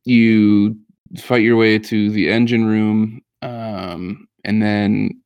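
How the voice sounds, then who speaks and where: Gravelly low-voiced man, rambling podcast chat. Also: flat delivery, drawn-out words, no room sound, muffled recording. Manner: rambling, lots of fillers and restarts. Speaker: podcast co-host. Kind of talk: casual gaming podcast chat.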